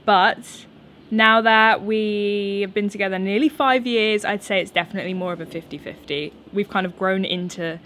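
Young woman, twenties, outdoor garden vlog, chatty and giggly, mid-pitched. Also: steady tone, moderate pace, a bit bright, a little hiss or hum. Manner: chatty, laughs often, nervous energy. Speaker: YouTuber answering viewer questions. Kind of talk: casual unscripted chat.

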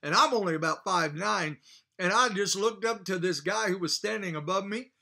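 Bright-voiced fervent male preacher. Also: high-pitched, normal speed, gravelly. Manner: fervent preaching with hallelujah interjections; storytelling with repeated false starts. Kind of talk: sermon.

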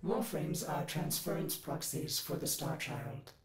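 A man's voice: fairly high pitch, measured pace. An actor voicing a fussy, dutiful male ship AI in a video game, speaking precisely and formally. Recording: roomy game audio over crowd noise.

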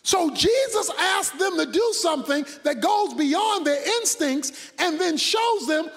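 A man preaching a sermon, dramatic, swinging between loud shouts and hushed asides. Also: extremely high pitch, lively intonation, measured pace, few pauses, in a large hall, faint music behind.

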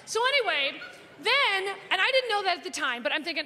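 A woman's voice: extremely high pitch, very animated, brisk, pushed and bright. A woman comedian telling a brash, profane, gossipy story on stage. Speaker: stand-up comedian. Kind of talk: stand-up storytelling. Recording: live hall recording with audience.

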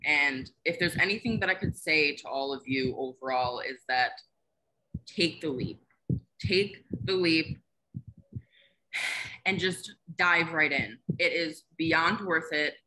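Bright, gushing young woman on a call. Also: sits low, moderate pace, few pauses, low-quality recording. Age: young adult. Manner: earnest, gushing, many fillers. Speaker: patient giving a testimonial. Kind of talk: casual emotional testimonial. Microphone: video call.

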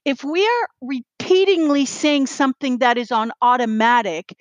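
A woman's voice: sits high, normal speed, no room sound, lo-fi sound. A woman guest on a podcast, talking bluntly and with swearing, acting out little back-and-forth dialogues as she makes her point. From Israel. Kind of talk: animated rant.

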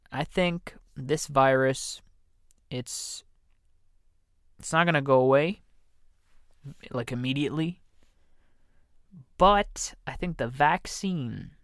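A man's voice: medium pitch, no echo. A man hosting a comedy podcast alone, meandering and self-deprecating, joking about himself as he talks into a studio mic. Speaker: podcast host. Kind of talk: rambling comedy podcast monologue. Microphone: studio condenser mic.

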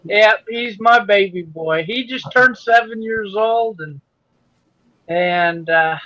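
A man's voice: high voice, takes it slowly, bright, forceful tone, no room sound, muffled recording. A man chatting casually and laughing often, talking from his home workshop on a video call.

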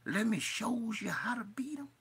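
A man voicing a scheming man who coaches a fighter, in a hushed, conspiratorial whispered role-play. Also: very high-pitched, expressive, moderate pace, husky, pitched above the performer's own voice, full character voice.

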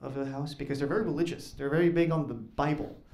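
A man doing a stand-up comedy set on stage, talking in an awkward, deadpan way that rises into loud punchlines. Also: on the high side, fast talker. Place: comedy club stage with live audience. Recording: echoey club with audience noise.

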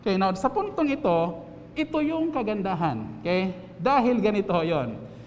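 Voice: mid-range voice, very animated, moderate pace, a little mellow. A preacher with a Filipino accent delivering a sermon, explaining step by step and checking in with the congregation often. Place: church hall. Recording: echoey church hall, faint background noise.

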